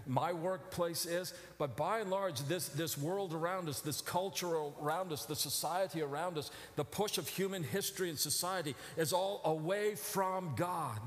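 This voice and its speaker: Middle-aged male preacher with a high voice, alternating hushed reflection and impassioned emphasis, recorded in a reverberant sanctuary. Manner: builds from low reflective tones to loud, emphatic outcries. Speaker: pastor. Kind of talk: sermon. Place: church sanctuary.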